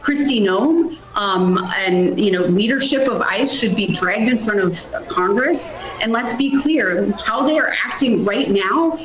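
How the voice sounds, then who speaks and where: A woman's voice: mid-range voice, animated, measured pace, hardly any pauses. A woman politician making a firm, emphatic public statement. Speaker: politician in a played clip. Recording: roomy echo.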